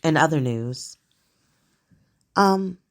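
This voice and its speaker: A woman's voice: low-pitched, expressive, extremely slow. A woman hosting her own show, talking through current events in a casual, blunt, profane monologue and laughing often.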